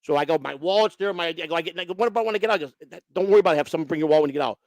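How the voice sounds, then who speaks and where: This host talks at a racing clip in a slightly high, darkish voice, with no room sound at all. He's spinning a long tale in a casual chat, blunt and profane, wandering off and starting over again and again.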